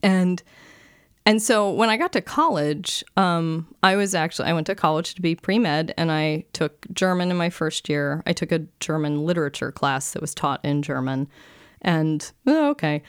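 A woman telling stories in casual chat, lively and acting out the voices she quotes. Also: deep voice, normal speed, smooth, dry recording, clean studio sound.

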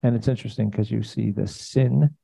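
Gravelly, mellow-voiced preaching man. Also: on the low side, brisk, low-quality recording. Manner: animated, rambling, voices prayers aloud. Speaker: pastor. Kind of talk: casual conversational teaching.

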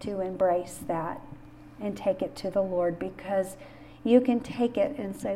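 Warm-voiced woman sharing her grief story. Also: medium pitch, fairly even intonation, moderate pace, slight background noise. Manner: earnest, personal storytelling. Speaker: podcast host. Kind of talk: faith-based talk on grief.

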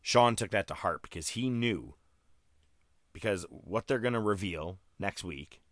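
A man hosting a casual talk show, telling animated, profane stories and quoting people as he goes. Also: lowish voice, unhurried, dry recording, clean studio sound. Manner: profane, animated storytelling with quoted voices. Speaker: podcast host recapping wrestling. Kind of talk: casual chat.

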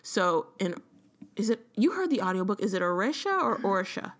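A woman's voice: medium pitch, sing-song, fairly quick. Chatty woman hosting a book podcast. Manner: chatty, lots of "like", laughs often. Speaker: podcast co-host. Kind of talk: casual book-club chat.

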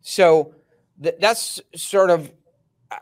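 A man hosts a casual interview podcast with a fairly high voice. He talks as an animated storyteller, often slipping into acted-out quotes. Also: slow pace. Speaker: podcast host.

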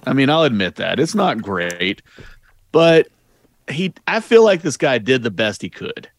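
A man's voice: medium pitch, very animated, a little slow, no echo. A man casually chatting about a movie as a podcast co-host, easygoing and agreeable. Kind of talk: casual movie recap chat.

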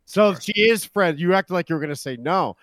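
A man's voice: fairly high pitch, expressive, fairly quick, fairly bright tone, no echo. A man co-hosting a casual wrestling chat, brash and profane, trash-talking his co-hosts. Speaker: podcast co-host.

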